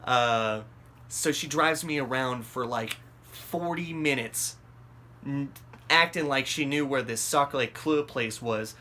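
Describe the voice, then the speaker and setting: A man's voice: mid-range voice, takes it slowly, bright, forceful tone. A man with a mid-range voice spins a long personal story, swearing freely and stumbling through ums and restarts. His voice springs up when he acts out his own panic. A faint room hum sits under him. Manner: rambling and profane, many fillers and restarts. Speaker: vlog host telling a story. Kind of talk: casual storytelling.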